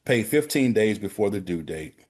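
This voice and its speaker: A man who works as a banker, giving a practical financial literacy talk on a prayer call and speaking directly to his listeners as gentlemen and brothers. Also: on the low side, expressive, normal speed, breathy edge.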